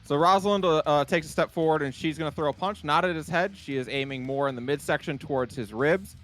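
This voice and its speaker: A man's voice: fairly high pitch, fast talker, a bit bright, faint music behind. A man playing a tabletop game, laid-back, describing his character's moves plainly. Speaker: player. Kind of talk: casual tabletop game chat.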